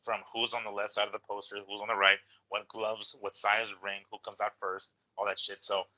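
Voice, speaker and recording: Male boxing podcast co-host, lowish voice, very bright tone, blunt and profane. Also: level tone, poor audio. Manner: blunt, swears, halting restarts. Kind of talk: casual chat.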